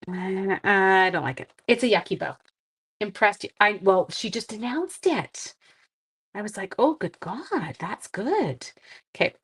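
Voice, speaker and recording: A woman's voice: mid-range voice, expressive, normal speed, fairly bright tone, slightly rough. A woman from Canada, a little congested, hosting a live card-making demo with chatty, giggly asides. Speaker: craft stream host.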